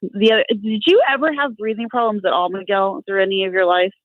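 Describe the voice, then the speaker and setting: A woman's voice: mid-range voice, fairly even intonation, fast, no echo. Earnest woman calling in over a tinny phone line, dry sound, repeats herself a lot. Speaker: guest psychic medium. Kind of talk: casual podcast chat.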